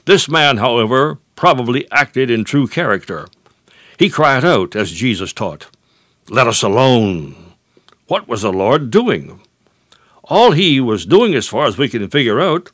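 Male preacher, measured and deliberate, emphatic sermon delivery, dry sound. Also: mid-range voice, a bit bright, no room sound. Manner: slow, emphatic preaching with drawn-out stresses.

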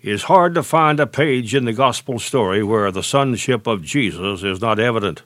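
A man preaching a sermon, measured and deliberate, slowing and dropping low on key phrases. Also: animated, fairly bright tone, no echo.

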